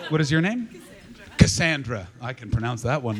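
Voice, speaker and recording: A man doing stand-up crowd work, teasing the audience in a brash, profane, rapid-fire way. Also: medium pitch, big pitch swings. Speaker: stand-up comedian. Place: comedy club stage before a live audience. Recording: live club recording with crowd laughter. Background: audience laughter.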